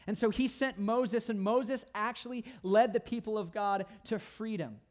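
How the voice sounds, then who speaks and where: High-voiced emphatic man preaching a sermon. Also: moderate pace. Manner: emphatic, repeats phrases for stress, swings from loud to hushed. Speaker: pastor.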